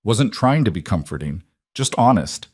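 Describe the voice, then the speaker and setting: A man's voice: fairly low pitch, big pitch swings, moderate pace, a little mellow, slightly rough, dry recording. A man reading the part of a terse, plain-spoken rancher who talks bluntly and dryly. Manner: blunt and dry.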